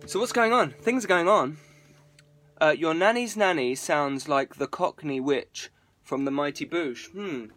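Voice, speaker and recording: High-voiced man chatting to viewers. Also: measured pace, fairly bright tone, soft background music. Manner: rambling and self-mocking, chats straight to viewers. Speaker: live-streaming musician. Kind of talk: casual live-stream chat.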